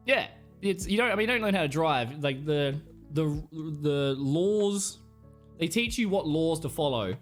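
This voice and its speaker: A young Australian man streaming live, rambling through casual stories with plenty of swearing. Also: on the high side. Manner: rambling, profane storytelling. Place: home streaming setup.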